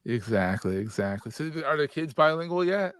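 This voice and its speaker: A man's voice: a little high, sing-song, a little fast, dry recording. A man in his forties hosting a podcast interview in a joking, casual way, laughing often. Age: 40s. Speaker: podcast host.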